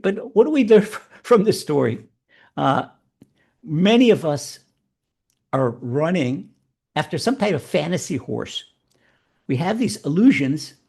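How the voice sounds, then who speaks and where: A man telling a religious fable and drawing its lesson, animated and prone to repeating words. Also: on the high side, creaky, breathy edge. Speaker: rabbi storyteller.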